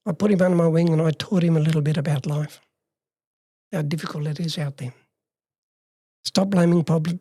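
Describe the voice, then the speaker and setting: A man's voice: a little high, gravelly, warm tone, dry recording, clean studio sound. An older man from regional Western Australia with an Australian accent, a guest telling long stories from his years as a youth worker and acting out the old conversations. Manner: long story told in plain words, acting out past dialogue. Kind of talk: personal storytelling in a conversation.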